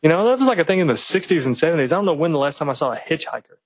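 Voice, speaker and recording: A man's voice: on the high side, lively intonation, racing, slightly rough, no room sound, rough recording. A man from eastern Kentucky, co-hosting a podcast, telling rambling, profanity-filled stories in casual chat. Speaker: podcast co-host.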